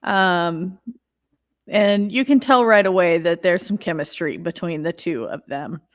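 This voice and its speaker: A woman's voice: fairly low pitch, measured pace. A woman co-hosting a horror film podcast, recapping scenes in casual chat and voicing her own reactions as she goes. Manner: animated storyteller who acts out her own reactions. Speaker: podcast co-host.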